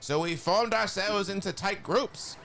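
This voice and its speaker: A man's voice: sits high, a little slow, a bit bright, slight background noise, pitched above the performer's own voice. A man voicing Skeletor, an evil skeletal sorcerer, reading a long dramatic monologue in a nasal, sneering voice. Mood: menacing. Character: evil skeletal male sorcerer, cackling villain.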